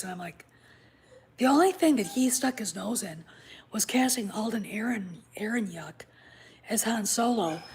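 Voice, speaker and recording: A woman's voice: medium pitch, gravelly, slight background noise. A woman hosting a casual vlog, speaking bluntly with profanity and conspiratorial asides, at home. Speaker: channel host. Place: home with a puppy nearby.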